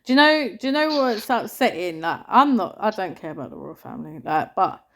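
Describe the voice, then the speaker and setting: A woman's voice: medium pitch, animated, a little fast, a bit bright. A woman co-hosting a podcast, telling stories in a chatty, slangy way. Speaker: podcast co-host. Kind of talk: casual chat.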